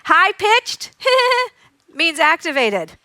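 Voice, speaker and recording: A woman occupational therapist giving a lively, demonstrative conference talk, acting out sounds and giggling as she teaches. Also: extremely high pitch, extremely slow, no echo. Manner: giggles often while teaching. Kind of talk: live conference presentation.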